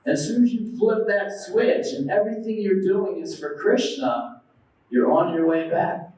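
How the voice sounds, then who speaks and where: A man's voice: sits high, a little slow, darkish tone. A man giving a devotional lecture as a preacher, telling stories and acting out quoted voices while questioning his audience. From United States. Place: temple hall. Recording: very echoey hall, mic at a distance.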